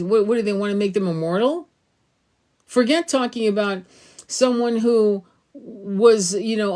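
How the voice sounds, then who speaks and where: A middle-aged woman rambles through a spiritual monologue for her tarot channel. She talks with loose, emphatic energy, swears freely, and pops into a higher voice to act out what people said. Her pitch sits in an ordinary middle range. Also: a little mellow.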